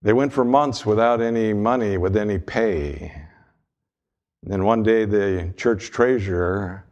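A male pastor preaching a sermon in a measured delivery, mixing scripture with folksy humor. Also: lowish voice, darkish tone.

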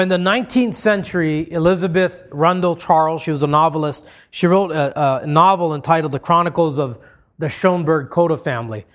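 A man preaching a sermon, explaining points to his congregation in a conversational way. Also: fairly high pitch.

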